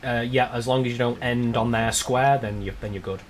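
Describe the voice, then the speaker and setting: A man narrating and running a tabletop game as game master, briskly giving rules and describing the scene. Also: medium pitch, steady tone, slight background noise.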